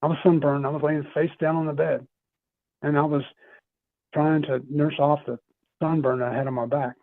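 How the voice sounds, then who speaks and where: A man's voice: on the high side, level tone, normal speed, dry recording. A middle-aged man, a podcast guest, telling a personal story in an earnest, rambling way, often restarting his phrases. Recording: tinny phone-line sound.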